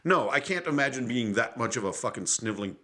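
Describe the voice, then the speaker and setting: Male podcast co-host, casual political talk, angry and profane, mid-pitched voice. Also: lively intonation, fast talker, sharp tone. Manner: heated, profane, ranting.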